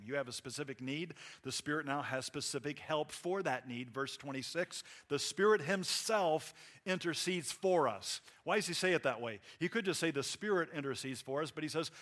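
A man preaching a sermon in a conversational way, acting out little quotes and swinging between loud emphasis and quiet asides. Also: mid-range voice. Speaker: pastor.

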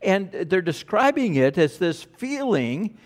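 A man's voice: high voice, big pitch swings, slow. A male pastor preaching a sermon, telling stories with frequent stammered restarts.

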